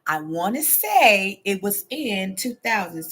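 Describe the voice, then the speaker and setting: A husky, fairly bright medium-pitched voice belongs to this woman in her forties, who speaks animatedly at a moderate clip with hardly a break. Hosting a casual show, she recounts a story and answers comments aloud, peppering it with "okay?" and "baby."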